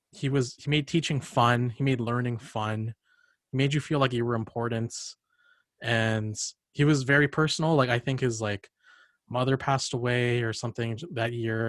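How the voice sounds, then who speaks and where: A man's voice: mid-range voice, dry recording, clean studio sound. A young man hosting a casual podcast chat, telling rambling stories full of fillers and laughs. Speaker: podcast host.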